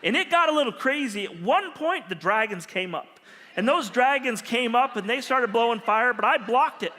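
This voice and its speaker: A man preaching as a pastor, telling stories in an animated, humorous way. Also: extremely high pitch, moderate pace. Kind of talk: storytelling sermon. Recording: long reverb of a large hall.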